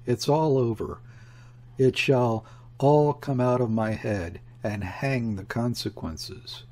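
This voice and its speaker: A man reading the lines of a gloomy, desperate conspirator with a husky voice, in an audiobook. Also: medium pitch, takes it slowly, dark tone, close to an everyday voice. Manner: gloomy and bitter. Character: gloomy desperate middle-aged male conspirator.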